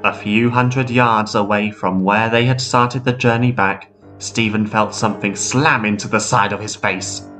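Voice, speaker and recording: A man narrating a ghost story in a measured, steady way. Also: on the low side. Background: faint guitar music.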